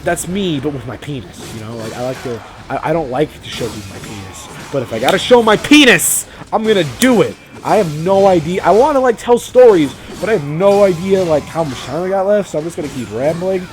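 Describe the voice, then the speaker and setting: A young man from Vermont rambling and swearing through a casual game commentary, self-deprecating and quick to laugh. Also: a little high, lively intonation, soft background music. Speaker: let's play commentator.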